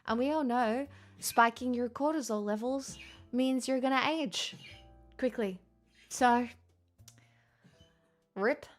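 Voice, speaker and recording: A woman's voice: a little high, slow pace, pauses often, soft background music. Tired, playful young woman streamer. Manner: chatty and playful, laughs often. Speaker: livestream host. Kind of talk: casual chat reading viewer messages.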